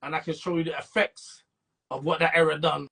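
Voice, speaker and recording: A middle-aged man from Brixton with a South London accent, telling his story in a casual interview with animated street talk and sudden jumps in pitch when he stresses a point. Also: fairly quick, creaky, husky. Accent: South London, London slang. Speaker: interview guest.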